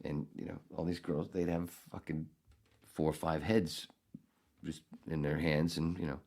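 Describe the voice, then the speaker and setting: A middle-aged man hosting a podcast, telling a story in a casual, profane, animated way with bursts of outrage. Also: very deep voice, moderate pace. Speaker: podcast host.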